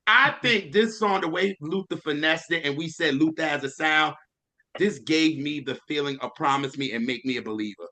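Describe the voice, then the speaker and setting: Excitable guy gushing about a record, sharp bright voice, kinda high. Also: normal speed. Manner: effusive, gushing, exclamatory. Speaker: podcast co-host. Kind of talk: casual music discussion.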